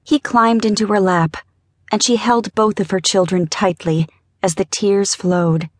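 A woman narrating a young-adult fantasy audiobook in a gentle, measured reading. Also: medium pitch, steady tone, dry recording, clean studio sound. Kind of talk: scripted narration.

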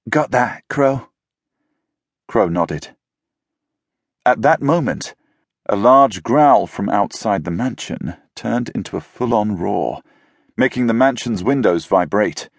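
A man narrating a children's novel, in a slow, measured reading. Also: lowish voice, gravelly, no room sound, studio quality. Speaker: audiobook narrator.

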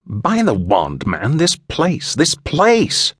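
A nervous, pompous English gentleman, as a male narrator puts him on, drawing out his complaints in a slow, fussy drawl. His voice climbs high when he is indignant. It is a dry, close audiobook recording. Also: huge pitch swings, husky, no echo, exaggerated voice. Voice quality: pompous, formal and fretful. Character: fussy, anxious English gentleman, short and balding.

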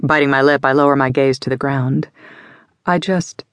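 A woman's voice: very deep voice, little pitch movement, clear, resonant tone, no room sound. Woman narrating a romance audiobook. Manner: measured, intimate storytelling. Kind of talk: scripted first-person narration.

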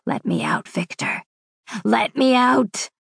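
A woman narrator gives voice to a shadowy wolf spirit lurking inside a man, hungry and menacing, coaxing low and slow. Her tone is husky and gravelly, close and dry. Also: no echo, exaggerated voice. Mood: menacing hunger.

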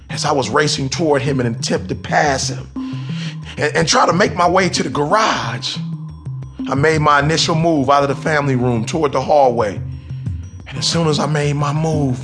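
A man narrating his memoir as an audiobook in an emphatic, animated, conversational way, with restarts. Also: a little high. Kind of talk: audiobook storytelling.

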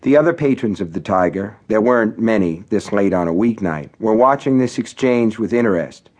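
A man's voice: on the low side, expressive, moderate pace, darkish tone. A man reading his own novel as an audiobook, narrating in a wry, conversational storytelling manner.

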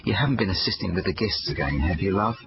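A man voicing a gentle, distracted, worried mother. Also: deep voice, expressive, fast talker, vocal fry, highs cut off, background noise.

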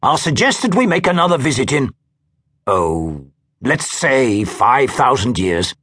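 A man's voice: mid-range voice, sing-song, a little slow, a bit bright, breathy edge, no room sound, clean studio sound, exaggerated voice. A man reading the part of a worried alien starship captain who would rather avoid trouble, with a wry, dodging manner. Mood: wry, evasive.

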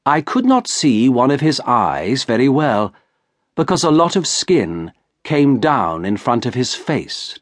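A man narrating an audiobook in the first person with a slow, careful delivery. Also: mid-range voice, no echo. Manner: slow, carefully paced reading.

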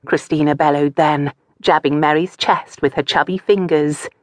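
Low-voiced woman narrating calmly. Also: no echo. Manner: calm, measured storytelling. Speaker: audiobook narrator. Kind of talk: scripted narration.

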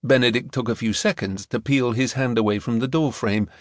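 A man reads a novel aloud for an audiobook, his medium-pitched delivery measured and expressive. There's no echo, and the sound is studio quality.

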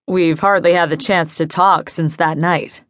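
A woman's voice: on the low side, steady tone, measured pace, dry recording, clean studio sound, close to an everyday voice. A woman voicing an earnest, angry young man in an audiobook, speaking in an urgent, serious manner.

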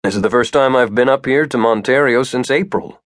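A man voicing an uneasy young man in an audiobook, explaining himself in a quick, defensive way. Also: medium pitch, dry recording, clean studio sound, close to an everyday voice. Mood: evasive. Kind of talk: audiobook character voice.

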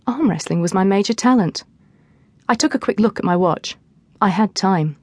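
Female audiobook narrator, lively first-person read, medium pitch, dry studio. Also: brisk, dry recording.

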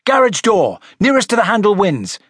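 A man's voice: fairly high pitch, sing-song, moderate pace, husky, no room sound, studio quality, pitched above the performer's own voice. A man voicing a friendly, eager young boy. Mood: encouraging. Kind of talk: audiobook character voice.

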